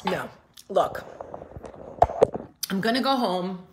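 A woman's voice: fairly high pitch, lively intonation, measured pace, roomy sound, heavy background noise. A woman, hosting a casual chat to camera in a rambling, blunt, swearing way in her kitchen. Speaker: vlogger, show host.

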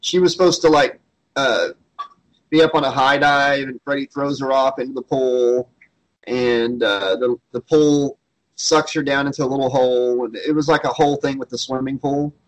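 A man's voice: medium pitch, fairly even intonation, moderate pace, low-quality recording. A man co-hosting a casual comedy movie commentary, chatting loosely and sharing trivia about the film. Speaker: riff commentary co-host.

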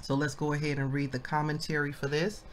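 A woman leading a Bible study, reading commentary aloud slowly and breaking into excited exclamations, calling her listeners family. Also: sits low, noisy background. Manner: slow and deliberate, bursts into excited exclamations; addresses listeners as family, asks them questions.

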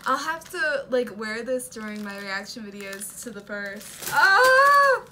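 A young woman hosting a reaction video, chatting casually as she unboxes merch, gasping and squealing with excitement. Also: mid-range voice, a little slow, background noise.

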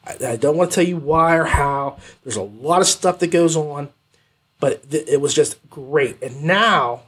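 A man hosting an audiobook review podcast, talking in a rambling, animated way with lots of fillers and self-corrections. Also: a little high, measured pace, husky. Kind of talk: casual spoken review.

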